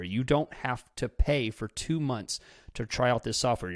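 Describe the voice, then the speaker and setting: A man's voice: mid-range voice, dry recording, studio quality. A man hosting a podcast from his office, talking in a chatty, enthusiastic and self-deprecating way. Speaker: podcast host. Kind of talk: casual podcast talk with ad read.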